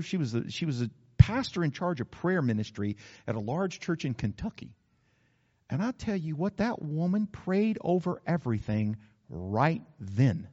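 A man preaching in a folksy, talkative way, voice pitched high for a man. He drops into playful acted asides to make his points, and the recording sounds a bit muffled. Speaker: pastor. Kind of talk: sermon.

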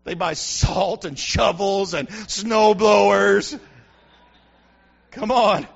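A male pastor preaching an emphatic sermon that builds to shouts, recorded on a dull lo-fi recording. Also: sits high, drawn-out words, gravelly, husky. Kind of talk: fiery sermon.

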